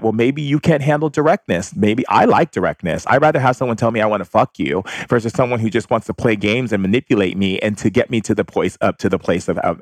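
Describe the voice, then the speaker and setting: A man's voice: mid-range voice, husky, no echo. A man speaking frankly in a casual advice monologue, telling personal stories and acting out quoted exchanges. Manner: frank and direct, acts out quoted dialogue.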